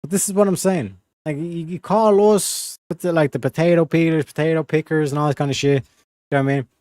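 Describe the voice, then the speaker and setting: A man's voice: a little high, fairly even intonation, a little fast, a little mellow, no echo, studio quality. A young man hosting a livestream in casual, rambling chat, full of slang and "you know what I mean". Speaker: livestream host.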